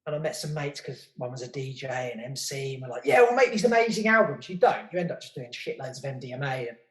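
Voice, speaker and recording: A man's voice: mid-range voice, fairly even intonation, fast talker, darkish tone. A middle-aged British man talking candidly in an interview, rambling, swearing freely and stumbling over repeated words as he thinks. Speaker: podcast guest and podcast host. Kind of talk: candid casual interview chat. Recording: roomy echo.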